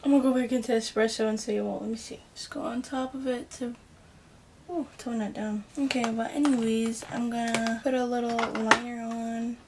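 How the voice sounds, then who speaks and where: A woman giving a casual makeup tutorial in a chatty, rambling way, with soft muttered asides. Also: a little high, fairly even intonation, moderate pace, background noise. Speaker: beauty vlogger.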